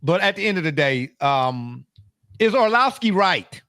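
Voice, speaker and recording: A man's voice: high voice, big pitch swings, unhurried, pushed and bright. A man co-hosting a casual sports talk show, bantering and teasing his partner. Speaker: podcast co-host.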